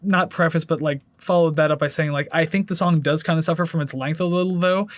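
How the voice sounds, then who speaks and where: A man's voice: on the high side, steady tone, fast talker, no room sound. A man co-hosting a podcast, talking through an album in a rambling, joking way with lots of fillers. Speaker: podcast co-host. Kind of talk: casual album review chat.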